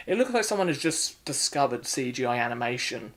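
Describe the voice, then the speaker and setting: A man delivers an exasperated film rant at a middle pitch. He repeats himself, trails off and sighs as his complaints pile up. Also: very animated, fairly quick. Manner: exasperated, repetitive, sighing. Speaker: film reviewer. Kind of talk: ranting movie review.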